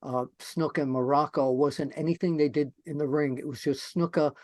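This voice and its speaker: A man with a somewhat high voice hosts the interview, reacting eagerly and moving things along with short prompts. His voice sounds dry and close, with little room sound. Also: steady tone, normal speed, darkish tone, no room sound. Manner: enthusiastic, reactive, asks short questions. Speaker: interview host. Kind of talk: casual interview chat.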